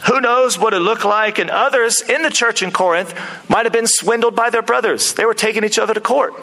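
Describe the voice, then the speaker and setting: A man preaching a sermon to his church, lively and animated, acting out quotes and movie scenes. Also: high voice, brisk, low-quality recording. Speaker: pastor.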